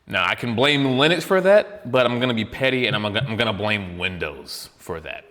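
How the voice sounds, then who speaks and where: A man's voice: on the low side, animated, fairly quick, a bit bright. A casual male podcast host who rambles and pokes fun at himself, his voice swinging up and down with plenty of life. A long reverb trails each line, as if the room is hollow. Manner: rambling, self-mocking, restarts often; chewing and eating while talking. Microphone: studio mic with headphones.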